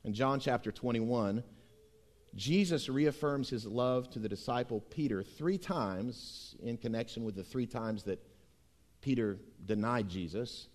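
A middle-aged man preaching a sermon as pastor, emphatic and swinging between hushed and loud delivery. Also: mid-range voice, unhurried.

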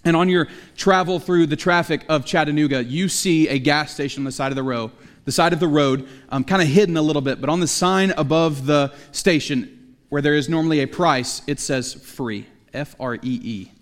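Preacher in a reverberant church hall. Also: male voice, on the high side, normal speed. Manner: conversational, jokey asides. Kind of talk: sermon. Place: church sanctuary.

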